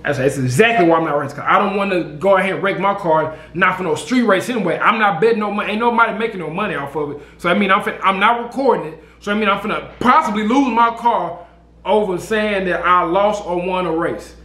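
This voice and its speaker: A man telling a story to camera in a casual, slangy, animated way, repeating himself. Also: high-pitched, quick pace, reverberant. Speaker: vlogger. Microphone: camera mic.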